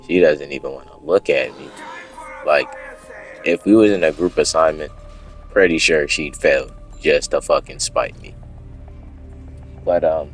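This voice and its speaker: Very deep-voiced young man rambling. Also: measured pace, long pauses, soft background music. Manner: rambling, profane, self-interrupting with asides. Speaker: storytime vlogger. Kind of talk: unscripted casual storytelling.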